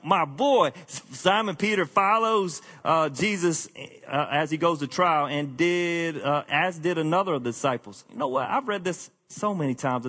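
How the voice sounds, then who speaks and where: A man preaching a conversational sermon to his congregation, candid and self-deprecating, often sinking into a quiet, confessional tone. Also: on the high side. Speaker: pastor.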